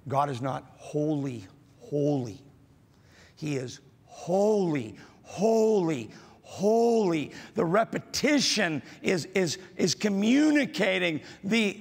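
A male pastor preaching a sermon, slow and halting with many fillers, rising to emphatic repetitions. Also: on the high side, creaky, husky. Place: church auditorium. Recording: large hall with long reverb.

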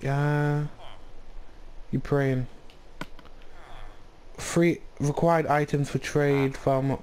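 A man's voice: fairly high pitch, extremely slow, a little hiss or hum. Rambling young man commenting on gameplay. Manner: rambling, excitable, restarts sentences often. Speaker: gaming channel host.

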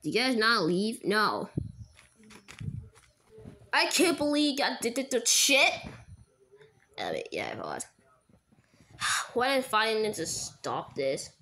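A woman's voice: a little high, huge pitch swings, slow pace, pauses often, bright, forceful tone, slight background noise. A woman voicing every character in a goofy plush toy skit, switching between silly squealing voices.

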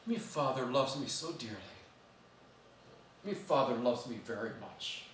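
A man voicing a joyful ninety-year-old Scottish great uncle, speaking softly and tenderly. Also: on the high side, animated, quick pace, a little hiss or hum, lightly acted. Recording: roomy church sound, mic at a distance.

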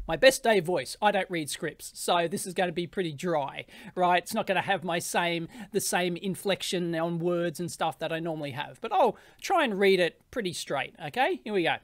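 A man's voice: high voice, lively intonation, moderate pace, no echo, studio quality. A man with an Australian accent hosting an electronics video, talking casually and bluntly and laughing often. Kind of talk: casual commentary.

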